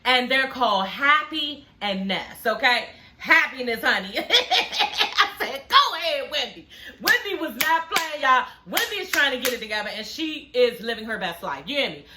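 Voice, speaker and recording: A woman recapping a reality TV episode in casual, sassy talk, gossiping and swearing freely with drawn-out emphasis. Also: fairly high pitch, animated, pushed and bright, reverberant, a little hiss or hum.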